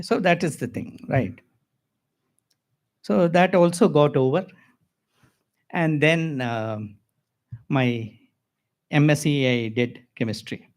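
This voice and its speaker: An older man with an Indian accent, giving a devotional talk full of personal stories, lively with chuckles and asides. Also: mid-range voice. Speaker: spiritual speaker.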